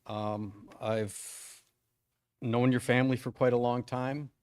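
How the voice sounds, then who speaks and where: A man's voice: mid-range voice, level tone, slow pace, a little mellow, clean tone, no room sound, clean studio sound. A man in his fifties, a longtime teacher and coach, giving a joking, self-deprecating acceptance speech at a school ceremony, with plenty of ums and restarts.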